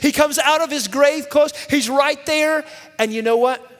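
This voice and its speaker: A man telling a Bible story to children in lively style, energetically calling for the audience to answer back. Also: very high-pitched, a little slow. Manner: energetic, calls out for audience responses. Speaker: children's minister. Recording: long reverb from a large hall.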